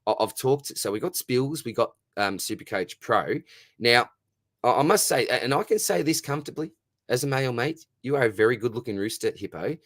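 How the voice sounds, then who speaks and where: A man's voice: mid-range voice, expressive, fairly quick, fairly bright tone, no room sound. A young Australian man hosting a casual live question-and-answer stream, upbeat and matey, and losing his voice.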